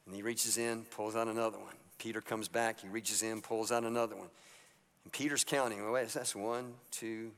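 A man's voice: on the low side, steady tone, a little fast, creaky, fairly bright tone. A man preaching a sermon as pastor, telling Bible stories in a casual way and acting out the characters' lines. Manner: storytelling, acts out biblical characters in a casual voice. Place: church sanctuary. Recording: church hall reverb.

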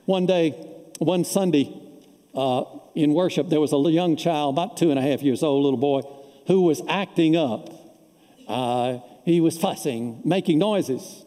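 Warm-voiced preacher man in a reverberant hall. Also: a little high, a little slow. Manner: storytelling preacher, folksy anecdotes. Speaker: pastor. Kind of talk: sermon. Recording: long reverb of a large hall.

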